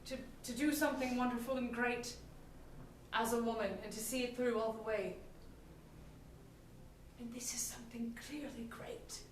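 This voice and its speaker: A woman's voice: on the high side, fairly even intonation, slight background noise, lightly acted. A woman playing an ambitious, commanding expedition leader in a live stage improv scene. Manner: commanding, brisk, grand. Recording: echoey theatre, far from mic.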